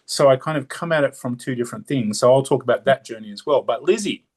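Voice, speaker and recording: Talking fast in a mid-range, darkish voice, an Australian man co-hosts a podcast in casual conversation. He's chatty and rambling, prone to steering off on tangents.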